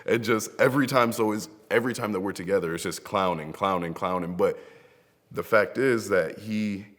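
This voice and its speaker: A man's voice: fairly low pitch, normal speed, fairly bright tone, big-room sound. A young man and wrestler, grieving, telling heartfelt rambling stories in a tribute to a late friend, seated before a camera. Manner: heartfelt, rambling storytelling with frequent laughs. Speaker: professional wrestler. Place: seated in front of a camera, indoors. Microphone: camera mic.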